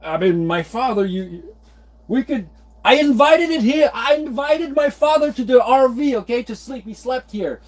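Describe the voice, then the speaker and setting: A man's voice: very high voice, lively intonation, normal speed. A man in his forties, rambling in an exasperated way in a casual monologue, with many restarts. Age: 40s. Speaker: vlogger.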